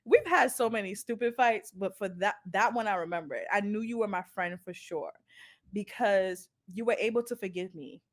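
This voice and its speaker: A woman co-hosting a casual podcast chat, telling stories in an animated, blunt way with frequent laughter. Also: medium pitch, moderate pace. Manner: animated storytelling, laughs a lot, blunt and profane. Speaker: podcast co-host.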